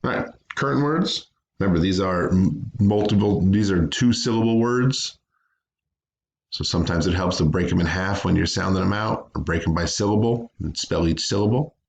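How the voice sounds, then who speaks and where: A man with a very low, deep voice leads a recorded phonics lesson for young students. He speaks patiently and carefully, breaking words into syllables and repeating each sound. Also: moderate pace, vocal fry, lo-fi sound. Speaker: teacher.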